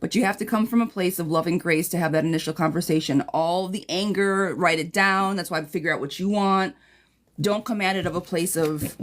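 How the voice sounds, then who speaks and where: A woman's voice: fairly low pitch, moderate pace, slight background noise. Chatty blunt woman tarot reader. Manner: chatty, blunt, calls viewers girl and friend. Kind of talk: live-stream reading replay.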